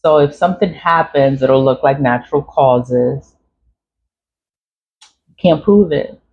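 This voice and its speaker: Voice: medium pitch, slow pace. A spiritual vlogger in a casual, rambling monologue, talking emphatically, repeating phrases and swearing freely. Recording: dull lo-fi recording, faint noise.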